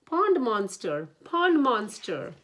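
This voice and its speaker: A woman voicing a calm, measured hedgehog in a children's storybook reading. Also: medium pitch, a little hiss or hum. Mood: panicked.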